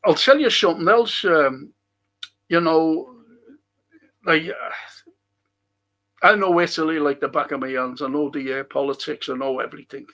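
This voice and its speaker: Middle-aged Liverpool man, high gravelly voice, chatty and opinionated stream host reading out viewer comments. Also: normal speed, long pauses, a bit bright. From England. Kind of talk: casual live-stream chat.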